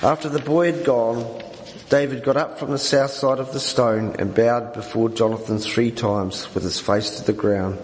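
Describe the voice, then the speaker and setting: Guy reading the bible passage at church, steady pace, big roomy hall sound. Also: medium pitch, normal speed. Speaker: scripture reader. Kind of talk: reading scripture aloud in a service. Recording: echoey hall with faint noise.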